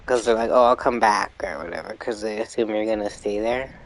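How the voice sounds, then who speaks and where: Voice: mid-range voice, fairly quick, poor audio. A live streamer chatting casually and rambling through gameplay commentary, sometimes swearing when frustrated.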